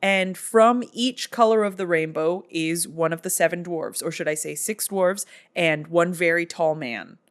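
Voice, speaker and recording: Woman vlogger, lowish voice, casual sarcastic movie recap. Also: a little slow, few pauses. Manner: sarcastic, jokey storytelling.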